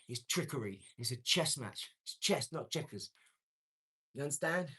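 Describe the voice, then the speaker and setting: A man's voice: a little high, husky. A man, talking brashly and boastfully on his own live stream, answering comments. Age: 40s. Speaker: livestream host.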